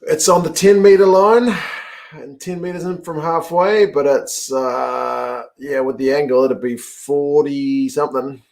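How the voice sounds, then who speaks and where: A man hosting a live rugby watch-along from home, commentating on the match, chatting with viewers, and yelling at the TV in excitement. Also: fairly high pitch, measured pace, creaky. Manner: excitable, yells at the screen, chats with viewers. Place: home, in front of a TV.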